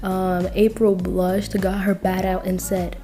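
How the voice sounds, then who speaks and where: A young woman casually narrating a listener story as channel host, chatty and full of fillers, over soft music. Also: medium pitch, little pitch movement, slow pace. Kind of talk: reading a fanfic-style listener story.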